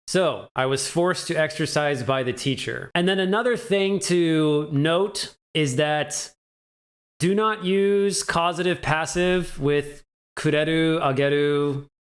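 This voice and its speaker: Casting: male tutor, fairly high voice, slow and relaxed, chatty with a joking tone. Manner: chatty, laughs at own jokes, asks "right?" often. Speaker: language teacher. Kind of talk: casual video lesson.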